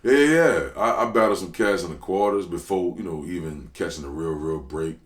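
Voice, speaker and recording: Very deep-voiced New man. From New Orleans. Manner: animated, slangy, quick bursts of excitement. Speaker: rapper guest. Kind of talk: casual interview storytelling. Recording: roomy echo.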